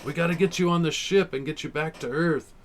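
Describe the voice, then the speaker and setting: A man voicing a hurried male space officer delivering official news. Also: a little high, slight background noise, voice pushed up, close to an everyday voice. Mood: brisk.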